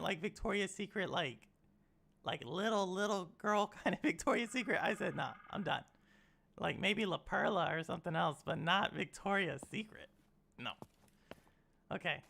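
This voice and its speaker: A woman's voice: mid-range voice, gravelly, fairly bright tone, slight background noise. A woman streaming a video game, rambling casually, saying "like" a lot and teasing her chat. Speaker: gaming streamer.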